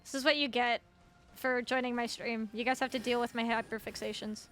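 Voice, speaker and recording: A young woman streaming a game, chatting casually and excitedly with her viewers, laughing and swearing freely. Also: on the high side, fairly quick, a little hiss or hum. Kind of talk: casual live-stream chat.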